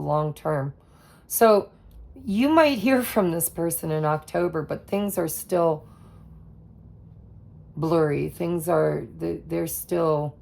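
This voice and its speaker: A woman gives a casual tarot reading in an unhurried, easygoing way, drawing words out with soft laughs and pauses. Her voice sits a little low and carries a heavy gravelly fry, and she speaks very slowly. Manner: slow, relaxed, with soft laughs and trailing pauses. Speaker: tarot reader.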